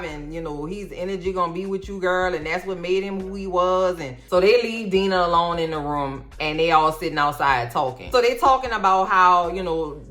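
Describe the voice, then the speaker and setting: A woman doing a casual, comedic TV episode recap in a sassy, animated way, full of slang and playful asides. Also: on the low side. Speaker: TV recap host.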